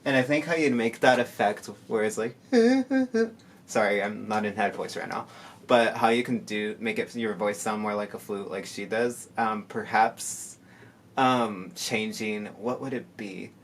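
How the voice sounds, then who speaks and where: Slow, soft-spoken man musing. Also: fairly low pitch, a little hiss or hum. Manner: soft-spoken and rambling, many fillers. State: tired from lack of sleep. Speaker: musician reacting to music. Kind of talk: casual reaction commentary. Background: faint music playing.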